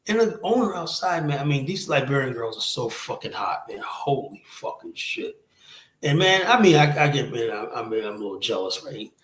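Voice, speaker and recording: A man's voice: mid-range voice, sing-song, fairly quick, few pauses, a bit bright. Blunt, profane man in an echoey room. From United States. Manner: blunt, profane, rambling with constant "you know". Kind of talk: casual stream talk. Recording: roomy echoey sound.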